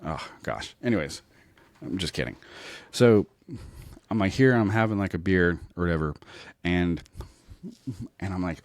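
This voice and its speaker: A man, a comedian and podcast host, telling a comic story in a casual, animated, self-mocking way, often asking "right?". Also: low-pitched, a little slow, long pauses, dry recording.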